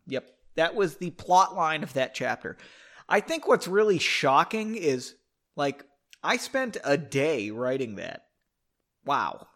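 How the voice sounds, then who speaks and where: A man's voice: fairly high pitch, a bit bright. A man hosting a casual podcast where he reads his own book and comments on it, rambling, self-mocking and trailing off.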